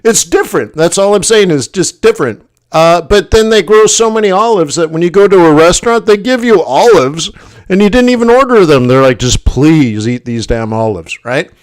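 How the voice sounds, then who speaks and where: A man hosting a casual livestream, telling a story in an animated way, often acting out quoted voices and laughing. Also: high-pitched, fairly quick. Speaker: forex livestream host.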